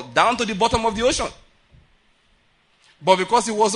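A man preaching a sermon at a prayer meeting, animated, often laughing and acting out the voices he quotes. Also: high voice, fairly quick, pauses often.

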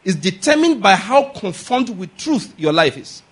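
Male preacher, high voice, emphatic sermon delivery, asks questions and waits for answers. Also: sing-song, unhurried, slightly rough. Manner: emphatic, asks rhetorical questions and repeats key lines; calls for audience responses.

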